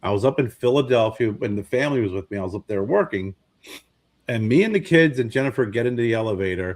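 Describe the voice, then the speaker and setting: Medium in pitch and fast, a male podcast co-host tells stories in relaxed chat. He's an animated storyteller who acts out quoted voices.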